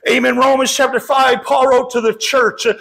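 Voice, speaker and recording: A man's voice: very high voice, level tone, moderate pace, gravelly, a bit bright. A middle-aged man preaching a sermon as pastor, impassioned and often calling out to the congregation.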